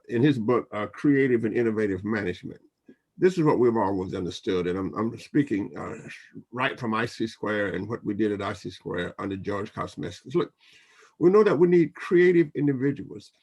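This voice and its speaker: A man's voice: fairly low pitch, animated, moderate pace. An older man, a professor, speaking in a roundtable discussion in a rambling way that often repeats words.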